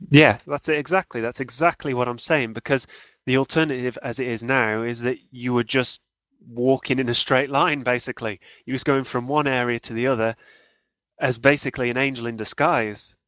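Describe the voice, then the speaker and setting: This panelist has a steady, mid-range, slightly bright voice and talks briskly about games in a casual podcast discussion. He keeps stopping and starting over mid-thought, unsure how to land his point. There's no room sound, and the recording is dry, dull and lo-fi.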